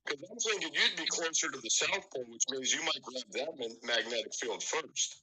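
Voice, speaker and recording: A man guesting on a live stream, chatting casually with dry, deadpan humor. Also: medium pitch, fairly quick, crowd noise, rough recording. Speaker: guest podcaster.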